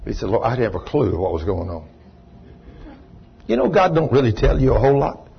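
A man preaches in a folksy, rambling storytelling way, with bursts of loud praise. His voice is a little husky. The recording sounds muffled and lo-fi. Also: mid-range voice, big pitch swings, brisk. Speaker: pastor. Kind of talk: sermon storytelling.

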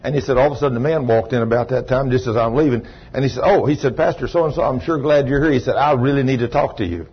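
A man preaches in a folksy, rambling storytelling way, with bursts of loud praise. His voice is a little husky. The recording sounds muffled and lo-fi. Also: mid-range voice, fast talker, few pauses. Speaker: pastor. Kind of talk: sermon storytelling.

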